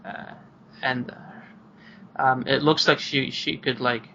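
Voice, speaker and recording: A man's voice: mid-range voice, little pitch movement, slow pace, sharp tone, a little hiss or hum. A man narrating a tabletop game as game master, rambling with many fillers, over a video call. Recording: muffled lo-fi online call.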